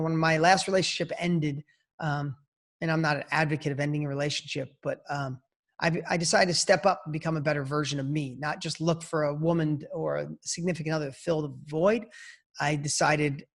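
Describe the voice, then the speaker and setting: A man in his fifties, a podcast guest, telling a motivational story in an emphatic, punchy way, speaking in bursts. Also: on the high side.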